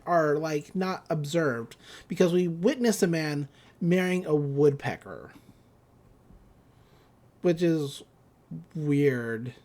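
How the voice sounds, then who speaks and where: A podcast host recapping a cartoon episode in loose, casual chat. The delivery rambles with fillers and quick character impressions, at a middling pitch and an everyday pace. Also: darkish tone. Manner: rambling, amused, lots of fillers and quoted voices.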